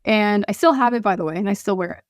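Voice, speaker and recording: A woman's voice: mid-range voice, quick pace, no echo, studio quality. A woman guest on a podcast, speaking earnestly and from the heart, often restarting her sentences.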